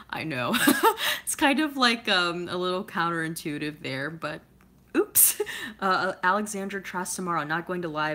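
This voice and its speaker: A woman's voice: fairly low pitch, bright, forceful tone. A woman from California chatting casually as she answers viewer comments, rambling with lots of filler words and laughing often. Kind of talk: casual chat.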